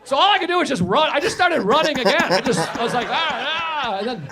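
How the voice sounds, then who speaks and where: High, lively self-deprecating comedian on stage. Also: male voice, quick pace. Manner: self-deprecating, neurotic, rambling asides; acts out quoted voices with big jumps in pitch. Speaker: stand-up comedian. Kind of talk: stand-up comedy set. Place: stage of a comedy venue with a live audience. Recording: live show with audience laughter. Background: crowd laughing.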